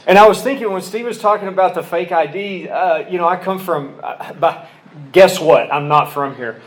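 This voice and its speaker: Man from Oklahoma, speaker at a recovery meeting, slightly high voice, candid and joking. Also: moderate pace, a little hiss or hum. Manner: candid, self-deprecating, storytelling with humor. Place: meeting room with podium. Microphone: podium mic.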